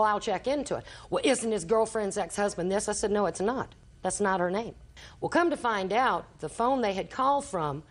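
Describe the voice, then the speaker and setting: Older woman, courtroom testimony, storytelling, acts out the quotes, plain mid-pitched voice. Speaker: litigant in small claims court.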